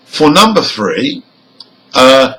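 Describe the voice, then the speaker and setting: A man teaching English word stress, reading example words one by one, marking the stressed syllables clearly and nodding on them. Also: mid-range voice, sing-song, takes it slowly, sharp tone, low-quality recording. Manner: nods his head up on stressed syllables. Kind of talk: slow, deliberate pronunciation lesson.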